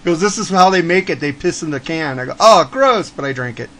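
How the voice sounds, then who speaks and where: A man hosts a loose conversation, his voice sitting a touch above average pitch. He swears constantly and gushes about what he loves. A faint noise floor hums underneath. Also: quick pace. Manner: swears a lot, excitable fan talk. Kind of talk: casual chat.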